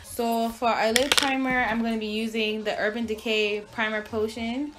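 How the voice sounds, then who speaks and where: A woman's voice: fairly high pitch, normal speed. A young woman from Barbados with a mixed Barbadian and American accent, chatting casually through a makeup tutorial. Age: young adult. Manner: chatty, relaxed, with fillers. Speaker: beauty vlogger.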